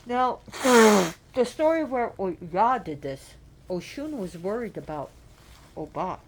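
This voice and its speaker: A woman retelling a myth with deep feeling, repeating phrases and asking the listener direct questions. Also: big pitch swings, unhurried, slight background noise. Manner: impassioned, repetitive, asks the listener direct questions. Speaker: storyteller. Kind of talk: emotional oral storytelling of myth.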